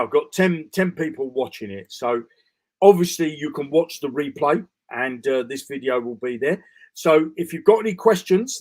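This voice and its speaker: A man with a slightly higher voice explains a crypto bot's screens in a live broadcast. He talks loosely and rambles, restarting sentences and checking in with his viewers as he clicks through. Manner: casual, rambling with restarts and fillers. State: tired, yawning. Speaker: crypto trading bot presenter. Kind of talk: live screen-share walkthrough.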